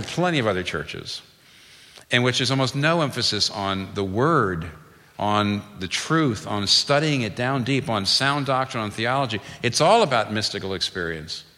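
A man's voice: medium pitch, bright, forceful tone. A man preaching a sermon earnestly and emphatically, often restarting his phrases as he builds a point. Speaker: pastor. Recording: long reverb of a large hall.

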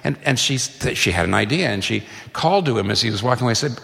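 Low-voiced pastor preaching in a reverberant hall. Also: male voice, expressive, fast talker, vocal fry, few pauses, bright, forceful tone. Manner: storytelling, conversational, emphatic repetition. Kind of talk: sermon.

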